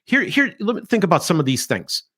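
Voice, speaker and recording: With a high voice and a brisk delivery, a middle-aged podcast host gives spirited, opinionated commentary. He ridicules freely and sometimes mimics others.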